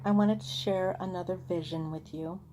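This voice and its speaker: A woman's voice: fairly low pitch, fairly even intonation, normal speed, mellow, slight background noise. A woman telling a personal story in a casual, earnest, chatty way, often acting out what people said. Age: adult with children. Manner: chatty, earnest, re-enacts heated arguments. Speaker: vlogger sharing a personal vision.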